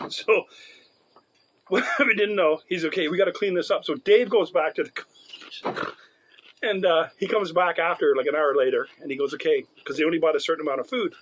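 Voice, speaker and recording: Co-host man, slightly high voice, rambling laughing storyteller, faint noise behind. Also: brisk, low-quality recording. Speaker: podcast co-host. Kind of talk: casual storytelling chat.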